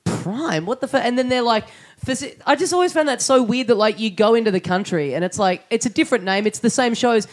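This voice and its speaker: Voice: mid-range voice, fast talker. A co-host chatting casually, joking crudely and laughing often. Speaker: podcast co-host. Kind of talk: casual chat.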